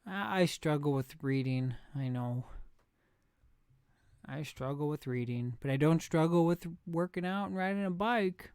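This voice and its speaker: Young male streamer, unhurried casual chatter, smooth voice a bit high for a man. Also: darkish tone, no echo, studio quality. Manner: rambling, chatty, laughs at himself. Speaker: live streamer. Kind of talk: casual chat reacting to chat.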